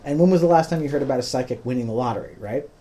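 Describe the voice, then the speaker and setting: A man's voice: mid-range voice, expressive, rapid-fire, mellow. A man hosting a podcast, patiently explaining things in plain words with frequent ums. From United States. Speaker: podcast host. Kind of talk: casual explanatory podcast talk.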